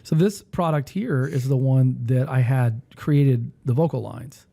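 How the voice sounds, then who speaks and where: Gravelly man demoing music software. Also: medium pitch, unhurried. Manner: rambling, thinks aloud while clicking through software. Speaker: music teacher and podcast host. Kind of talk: casual demo talk.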